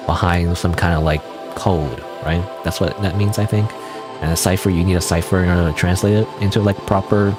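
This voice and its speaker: A man with a lowish voice gives loose let's-play commentary, wandering through his thoughts with constant "like" and "you know". The game's music plays clearly under his voice throughout. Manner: rambling, full of "like" and "you know". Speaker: game streamer. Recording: game music playing under voice.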